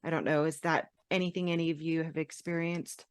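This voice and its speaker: A woman's voice: low voice, flat delivery, brisk, clear, resonant tone, no echo. A woman speaking as a podcast guest in casual chat, reflective and given to metaphors.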